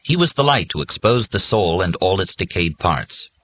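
A man reads a novel aloud in a measured, even way. His voice is very deep, and his tone is bright and forceful. He delivers it as steady scripted narration. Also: breathy edge. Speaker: audiobook narrator.

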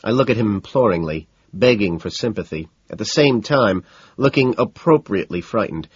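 Low husky guy reading an audiobook deadpan, dry dull lo-fi sound. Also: moderate pace, no room sound. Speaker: audiobook narrator. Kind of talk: first-person audiobook narration.

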